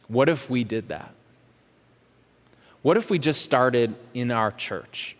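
A man preaches from the stage of a large church, his mid-pitched voice carrying a long hall reverb. He questions his listeners, rising loud and then dropping to a hush. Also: a little slow, pauses often. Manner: impassioned, questioning, swings from loud to hushed. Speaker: pastor. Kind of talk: sermon.

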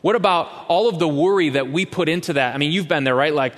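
Pastor preaching in a reverberant hall. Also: male voice, on the high side, fast, few pauses. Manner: impassioned, questioning, swings from loud to hushed. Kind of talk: sermon.

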